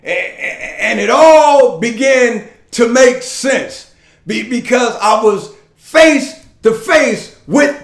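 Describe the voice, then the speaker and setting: A man preaching a dramatic first-person sermon monologue, impassioned, stammering and repeating words as he builds to shouted lines. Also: extremely high pitch, lively intonation, slow, reverberant. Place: church sanctuary.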